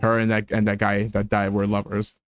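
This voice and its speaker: A male streamer giving casual commentary while he plays a game, rambling and cutting himself off, with loud game music behind him. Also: lowish voice, completely flat delivery, fairly quick.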